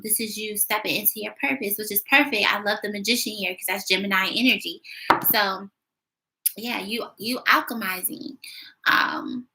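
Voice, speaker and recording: A woman's voice: medium pitch, bright, forceful tone, poor audio. A woman giving a casual tarot reading at home, chatty, with many fillers and little laughs. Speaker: tarot reader.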